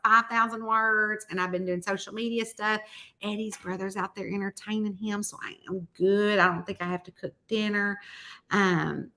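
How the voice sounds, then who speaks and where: A woman's voice: mid-range voice, vocal fry, pushed and bright. A middle-aged woman, a mystery author chatting casually on a live stream, rambling through folksy stories and reading out viewer comments.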